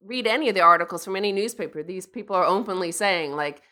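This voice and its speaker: Quick and sharp-toned at a medium pitch, she co-hosts a casual talk radio show from the studio. She presses her points earnestly and insistently, restarting often and repeating herself.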